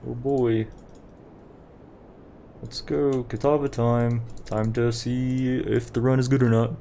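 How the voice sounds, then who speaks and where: A man's voice: medium pitch, fairly even intonation, slow pace, long pauses, warm tone, slight background noise. A young man streaming a game, chatting casually and rambling to his viewers while he plays. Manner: chatty, rambling, talks to chat while playing. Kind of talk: casual gameplay commentary.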